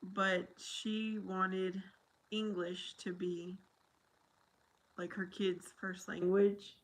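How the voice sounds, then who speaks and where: A woman's voice: mid-range voice, level tone, drawn-out words, poor audio. An American woman hosting a casual livestream, rambling and chatty as she talks with viewers and laughs often. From United States.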